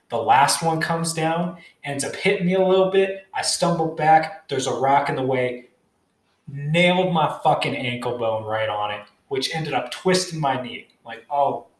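A young man telling a story casually, rambling and cursing often as he goes. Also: medium pitch. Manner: rambling, profane, animated retelling. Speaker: storyteller vlogger. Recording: echoey room.

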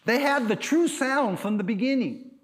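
A male pastor preaching in an emphatic call-and-response style. His fairly high voice swoops up and down as he presses his points. He builds to shouts at the peaks. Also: lively intonation, moderate pace. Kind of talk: sermon.

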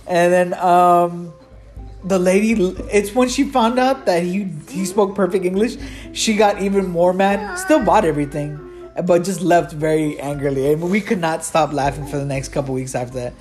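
A man's voice: on the high side, a little mellow. Rambling man telling a workplace story. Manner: rambling, restarts often, laughs at his own story. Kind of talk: casual storytime.

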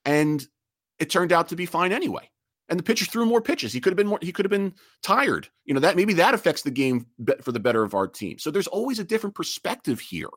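As a podcast guest, the president of a sportsmanship group speaks quickly in a fairly high voice with big pitch swings. He is earnest and reflective, often restarting sentences and repeating words, and the studio-quality audio has no echo.

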